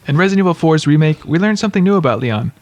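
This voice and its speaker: A man's voice: a little high, lively intonation, racing, darkish tone. A man giving scripted video-game trivia narration, with wry, joking asides.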